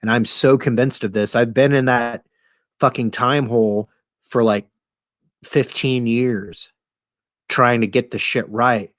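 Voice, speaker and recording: Brief: man casually doing a sick, dying time traveler, earnest and profane, mid-pitched, dry close sound. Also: fairly even intonation, unhurried, fairly bright tone, dry recording, lightly acted. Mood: urgent. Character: dying male time traveler, urgent and persuasive.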